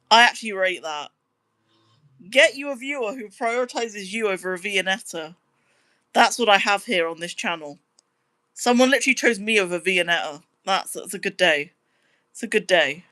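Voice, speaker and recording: A young British woman, a livestreamer and musician, chats casually and reads viewer comments in an upbeat way, squealing high when surprised. Her tone is sharp, with no echo on the recording.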